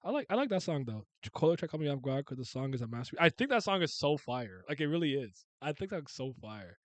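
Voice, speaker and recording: A man chatting casually on a stream, rambling in slangy talk with quick asides and chuckles. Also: fairly high pitch, sing-song, no room sound.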